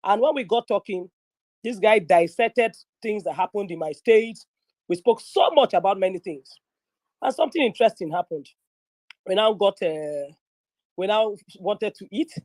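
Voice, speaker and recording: A young woman from northern Nigeria with a Nigerian English accent, telling a story in a lively, chatty way and slipping into pidgin. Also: mid-range voice, normal speed, no room sound. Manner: animated, mixes pidgin, acts out quoted voices. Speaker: guest speaker in an online audio room. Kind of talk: casual storytelling. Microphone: phone or headset in an online audio room.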